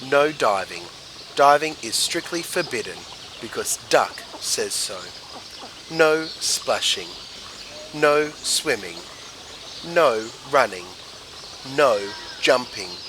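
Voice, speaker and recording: A man reading a storybook and voicing a bossy, self-important male duck who snaps orders loudly. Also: mid-range voice, lively intonation, slow pace, pauses often, background noise. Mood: proclaiming. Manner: snapping, loud and commanding.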